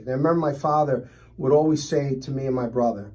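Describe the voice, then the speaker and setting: A middle-aged Philadelphia man, a restaurant owner appearing as a guest in a casual interview, tells animated stories and acts out the customers he describes. His voice is mid-range and his pace quick.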